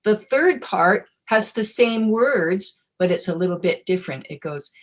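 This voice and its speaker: A woman leads an online wellness session at an unhurried pace, her pitch sitting in an ordinary middle range. She talks in a casual, friendly way, with fillers and small self-corrections as she explains. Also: lively intonation. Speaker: webinar presenter. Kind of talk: relaxed teaching talk.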